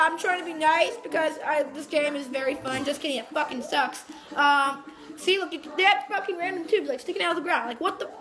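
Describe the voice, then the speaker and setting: A woman giving foul-mouthed, mocking commentary over gameplay and breaking into yells. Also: very high voice. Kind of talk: profane ranting game commentary. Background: game music.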